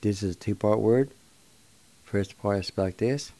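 An older man teaching words of his language on a radio show, slowly spelling and pronouncing each syllable with patient encouragement. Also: lowish voice, mellow, no echo. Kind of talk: slow spelling and pronunciation lesson.

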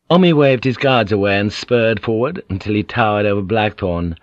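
A man in scripted narration, reading an audiobook in a measured, even way. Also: lowish voice, no room sound. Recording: dull lo-fi audiobook recording.

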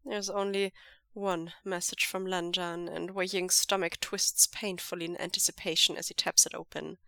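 A woman narrating fan fiction aloud in a steady, measured storytelling read. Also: lowish voice, creaky, dry recording, studio quality. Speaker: podfic reader.

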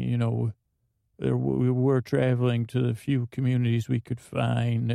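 A man's voice: mid-range voice, gravelly, mellow, no echo. A man playing a grouchy, blunt know-it-all with a rambling, dry way of talking in an improvised comedy scene.

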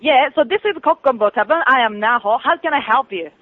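A woman with a Japanese accent answers a bar's phone in halting English, often asking the caller to repeat himself and growing curt. Her voice sits very high. The sound comes through a thin, tinny phone line. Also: lively intonation, husky. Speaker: tavern staff answering the phone. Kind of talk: phone call.

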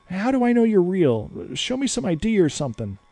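A man voicing a stubborn, whiny young boy with a high voice. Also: big pitch swings, brisk, dark tone, no echo, exaggerated voice. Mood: demanding. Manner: whining, high and pushy.

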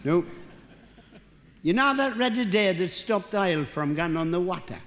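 Older Geordie comic, high bright voice. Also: male voice, expressive, moderate pace. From North East England. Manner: rambling, self-mocking banter with the audience. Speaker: stand-up comedian. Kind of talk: stand-up comedy routine. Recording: live hall with faint crowd ambience.

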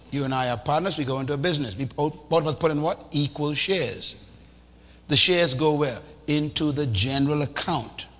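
A man preaching a sermon in a lively, animated way, acting out little scenes and shouting for emphasis. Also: on the high side. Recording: reverberant hall with faint noise.

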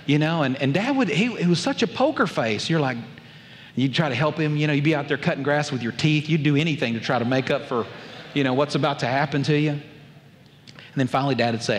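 A man with a drawl delivers a sermon, weaving in a childhood story and acting out family voices. His voice sits fairly high for a man. Long reverb trails behind him, as if he is in a large hall. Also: lively intonation, fast. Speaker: pastor.

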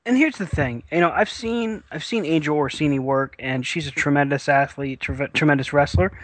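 Man, podcast co-host, rambling casual chat, higher voice, dry room, hiccups. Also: moderate pace, no room sound. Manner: rambling, frequent fillers and restarts. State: has the hiccups.

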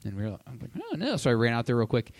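A man's voice: medium pitch, big pitch swings, racing, dry recording. A young married man co-hosting a podcast, chatting casually and chiming in with jokes. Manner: jokey, chimes in with quips. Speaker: podcast co-host. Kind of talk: casual chat.

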